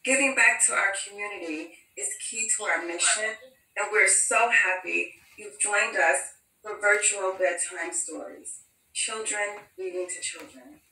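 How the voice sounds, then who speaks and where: A woman's voice: medium pitch, a little slow, pushed and bright. A woman giving a cheerful, formal scripted welcome for a hospital event. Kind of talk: scripted introduction. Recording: echoey room from far off.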